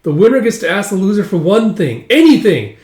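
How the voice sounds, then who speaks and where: A man's voice: high voice, sing-song, brisk, darkish tone, pitched above the performer's own voice. An eager, boyish young husband speaks in a raised, playful voice, as a man acts him out. The sound has a roomy echo.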